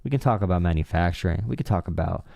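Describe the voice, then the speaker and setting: A man's voice: low voice, quick pace, vocal fry, mellow, no echo, studio quality. A young man hosting a casual political call-in stream, sarcastic and mocking. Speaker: livestream talk show host.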